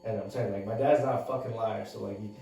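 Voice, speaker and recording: A man's voice: fairly low pitch, fairly even intonation, fast, warm tone, soft background music. A man telling a story casually on a podcast. He swears a lot and fills his speech with "like.". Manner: heavy swearing, lots of "like" fillers. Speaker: podcast co-host. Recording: very echoey room, far from mic.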